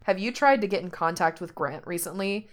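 A woman's voice: lowish voice, lively intonation, fairly quick, close to an everyday voice. A woman voicing a frustrated young man in a read-aloud story, asking pointed questions. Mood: exasperated.

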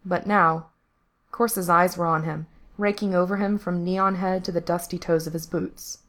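A woman with a slightly low voice reads a story aloud. She narrates steadily and in a measured way, line by line.

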